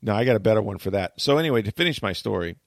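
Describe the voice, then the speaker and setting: A man hosting a talk show, telling a long story in animated, chatty fashion and acting out what people said. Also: on the low side, racing, creaky, no room sound, studio quality. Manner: tells long stories, acts out quotes.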